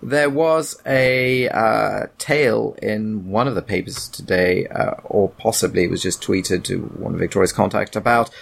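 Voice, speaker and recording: A man hosting a podcast, talking in a dry, sardonic way with unhurried hesitations. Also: on the low side, gravelly. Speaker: podcast host. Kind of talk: casual chat.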